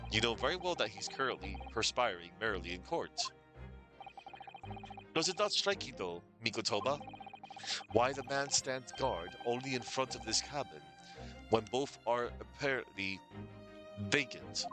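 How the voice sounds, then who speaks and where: A man voicing a pompous, eccentric gentleman detective who speaks grandly, with game music behind. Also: mid-range voice, big pitch swings, normal speed, natural voice. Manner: theatrical, grandiose.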